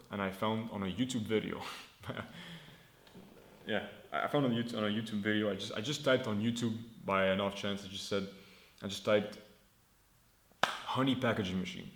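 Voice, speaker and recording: Twenties man, founder vlogging; loose, profane storyteller, lowish voice, roomy echo. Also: a little hiss or hum. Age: 20s. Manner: rambling, swears freely, acts out dialogue. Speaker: founder vlogging his startup. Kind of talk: casual storytelling.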